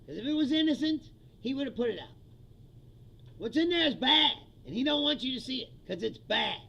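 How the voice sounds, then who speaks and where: A man rants on his livestream, swearing freely and breaking into laughter. His voice is pitched high and very gravelly, with a bright, forceful edge. Faint background noise sits under the talk. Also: lively intonation, brisk, poor audio. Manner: profane, laughing, heated. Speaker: livestream host. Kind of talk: casual political rant.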